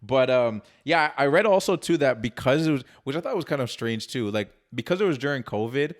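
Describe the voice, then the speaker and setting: Fast-talking man in casual film chat. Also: medium pitch, animated. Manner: quick, easygoing, lots of agreeing fillers. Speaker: podcast co-host.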